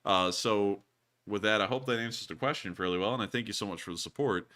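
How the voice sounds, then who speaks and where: Southern guy in his 20s cohosting a stream, joking around, laughs a lot, clear voice. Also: fairly low pitch, quick pace. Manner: jokey, excitable, laughs often. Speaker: co-host of a war news show. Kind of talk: casual livestream chat answering super chats.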